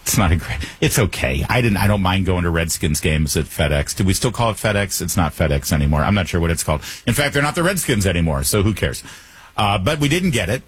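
A male talk radio host riffing through a joking monologue, wry and teasing. His low, husky voice swings widely in pitch, and the sound is dry and close. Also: animated, fast.

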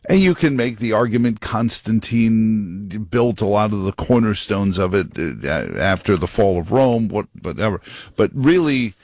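A man's voice: lowish voice, a little mellow, no room sound, clean studio sound. A man hosting a talk radio show, talking through history with wry joking asides. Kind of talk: conservative talk radio monologue. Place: radio studio.

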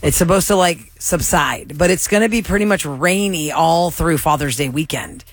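A man's voice: fairly high pitch, moderate pace, no room sound. A man hosting a morning radio show, chatting and reading out promos in an upbeat way. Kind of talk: morning radio talk and announcements. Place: radio studio.

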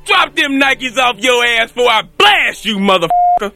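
A man's voice: very high voice, sing-song, moderate pace, creaky, sharp tone, faint music behind, heavily acted. A man playing a swaggering young street tough in a mock ad, talking brash slang. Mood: threatening.

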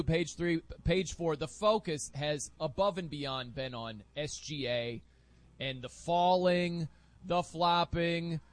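A man hosting sports talk radio in an energetic, emphatic, opinionated way from a studio. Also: high-pitched, no room sound.

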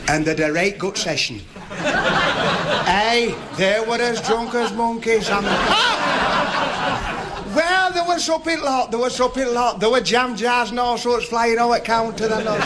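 A man with a Northern English accent telling rambling jokes on stage in broad dialect. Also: very high voice. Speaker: stand-up comedian. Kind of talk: stand-up joke telling. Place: live stage before an audience. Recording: noisy live recording with crowd. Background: audience laughter.

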